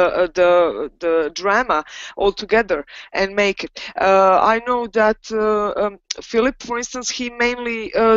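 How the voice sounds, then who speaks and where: A woman talks in a casual discussion, pausing often on fillers. Her voice sits in a middle range and the sound is dry and a little dull. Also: medium pitch, smooth, dry recording. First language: Croatian. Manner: hesitant, many fillers.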